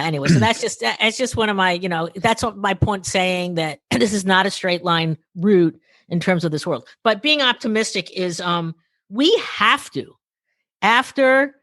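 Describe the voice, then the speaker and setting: A woman guest telling stories in an interview, acting out quoted dialogue, her voice a little worn and hoarse. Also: lowish voice, dry recording, studio quality. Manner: animated, acts out quoted dialogue. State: losing her voice. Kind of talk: storytelling interview conversation.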